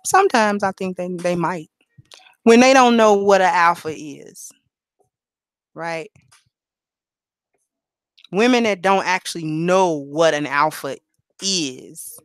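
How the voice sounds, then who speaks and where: A woman's voice: lowish voice, takes it slowly, long pauses, dry recording. A woman hosting a live stream, talking bluntly and profanely in a preachy, casual way. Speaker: livestream host.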